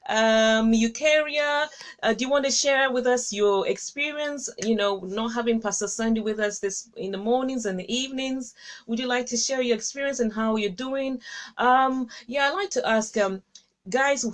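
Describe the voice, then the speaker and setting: A woman with a fairly high voice hosts a casual live stream into her camera. She talks to viewers in an effusive, affectionate way. She laughs often and her pitch leaps up suddenly. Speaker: host of a live-streamed encouragement session.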